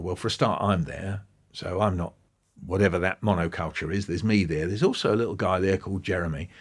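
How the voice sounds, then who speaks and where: Lowish-voiced man telling classroom anecdotes. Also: a little fast, husky. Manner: animated storytelling, acting out quoted voices; thinks aloud with restarts and asides. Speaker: guest speaking on education. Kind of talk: relaxed conversational interview.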